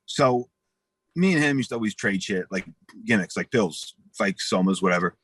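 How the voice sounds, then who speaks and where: A husky man in his forties, telling rambling, profane stories as an interview guest and acting out the voices in them. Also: on the low side, expressive, normal speed, fairly bright tone, dry recording. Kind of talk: casual storytelling.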